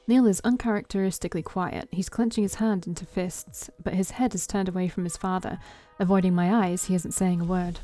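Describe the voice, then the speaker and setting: A woman streamer reading a story game aloud in first person, expressive, with small stumbles and self-corrections. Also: lowish voice, fairly quick, hardly any pauses, faint music behind.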